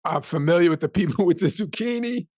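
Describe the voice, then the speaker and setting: A man's voice: high voice, expressive, fast, a little mellow, dry recording, studio quality. A male podcast co-host chatting casually about a film and slipping into quoted voices. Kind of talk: casual movie recap chat.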